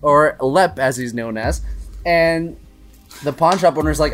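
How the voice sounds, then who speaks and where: A man's voice: mid-range voice, a little slow, a bit bright. Young man, casual movie recap, rambling, laughing, faint music underneath. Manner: rambling, laughing while retelling scenes with playful quoted voices. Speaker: podcast co-host.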